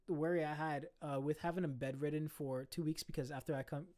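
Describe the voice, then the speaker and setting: A man's voice: on the high side, a little fast. Chatty young man with a raised voice. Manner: profane, animated, slangy. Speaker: streamer telling a story. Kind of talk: casual storytelling.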